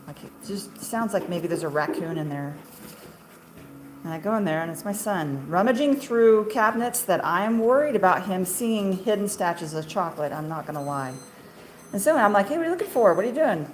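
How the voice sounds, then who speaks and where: A woman's voice: lowish voice, normal speed, low-quality recording. A woman who runs a small marshmallow business, telling stories in a casual, rambling, self-deprecating way while cutting candy in her kitchen. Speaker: small-batch marshmallow maker and shop owner. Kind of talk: casual chatty storytelling while working. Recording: steady ambient background noise.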